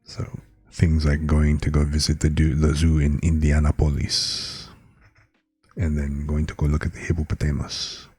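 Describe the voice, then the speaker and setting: Man, streamer, very deep, gravelly, reading words aloud, dry sound, faint music behind. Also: completely flat delivery, moderate pace, warm tone, no room sound. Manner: reads out words and definitions, chatting to viewers between them.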